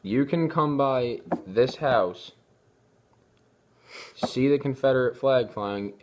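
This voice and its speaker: A man's voice: medium pitch, takes it slowly, background noise. A young man talking casually to camera, rambling and often restarting his sentences. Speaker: vlogger. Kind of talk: casual opinion talk.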